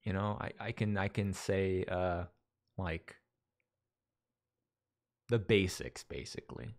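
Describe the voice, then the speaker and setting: A Las Vegas man hosts a live stream, chatting casually with his audience in a deep, steady voice and taking his time. He rambles, restarts sentences, and reads viewers' messages aloud.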